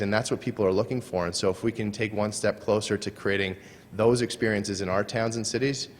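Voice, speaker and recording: Deep-ish guy presenting at a conference, earnest, echoey hall sound. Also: a little hiss or hum. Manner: earnest, sometimes trailing off and restarting. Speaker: conference speaker. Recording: long hall reverb.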